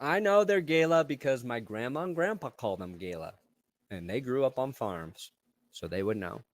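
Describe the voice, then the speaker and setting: A man's voice: medium pitch, animated, moderate pace, no room sound. A man co-hosting a casual sports podcast, teasing his partner in dry, slangy banter. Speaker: podcast co-host.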